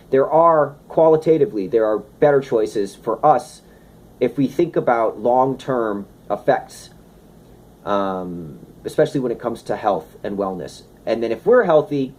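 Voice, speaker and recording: A man giving a casual, animated talk on health and wellness, slipping into playful asides. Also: on the high side. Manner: animated, conversational, slips into playful impressions. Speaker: wellness speaker.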